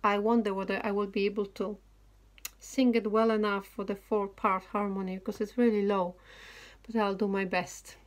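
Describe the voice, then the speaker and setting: A woman leading a singing lesson. She counts in the beats, sings phrases slowly and explains notes quickly between them. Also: mid-range voice, level tone. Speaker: singing teacher. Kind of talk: choir rehearsal, counting in and singing. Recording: loud guitar accompaniment.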